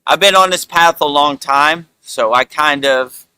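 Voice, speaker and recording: A middle-aged man hosting a spiritual talk, speaking in a relaxed, rambling way with lots of "you know". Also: fairly high pitch, unhurried, clean tone, no echo, poor audio. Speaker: spiritual teacher and show host.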